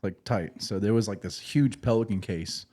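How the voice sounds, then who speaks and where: A former infantry Marine hosting a podcast, telling stories in a casual, rambling way with restarts and profanity. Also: male voice, lowish voice, moderate pace, mellow. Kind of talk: casual storytelling.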